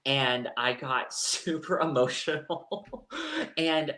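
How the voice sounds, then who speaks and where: A man's voice: on the high side, huge pitch swings, slow, bright, forceful tone, roomy sound. A man co-hosting a live chat show, telling a personal story in a candid, rambling way. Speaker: co-host. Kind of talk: casual chat.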